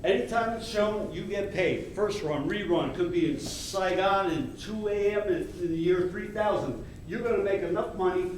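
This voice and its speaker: An actor playing a brash, fast-talking male Hollywood agent in a live stage play, pushing with salesman patter. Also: high-pitched, a little hiss or hum, natural voice. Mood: pushy. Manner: pushy, wisecracking salesman patter. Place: theater stage. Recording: echoey stage from far off.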